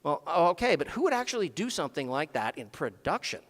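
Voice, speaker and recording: Male speaker on a conference stage, dry sarcastic wit, very animated delivery, reverberant hall sound. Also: on the high side, quick pace. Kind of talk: comedic technical talk. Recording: long reverb of a large hall.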